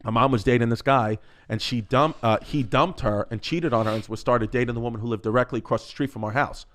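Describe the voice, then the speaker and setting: Talking fast in a medium-pitched voice, a New York comedian appears as a podcast guest. His storytelling is raunchy and lively, and he imitates the people he describes.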